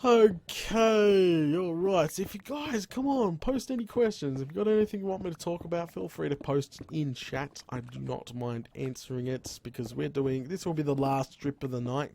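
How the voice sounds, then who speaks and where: Rambling Australian man on a boom mic. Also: moderate pace, creaky, hardly any pauses, mellow. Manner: rambling, laughs often, keeps saying "crikey". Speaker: gaming live streamer. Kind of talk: casual live stream chat. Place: room at home. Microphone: boom arm microphone.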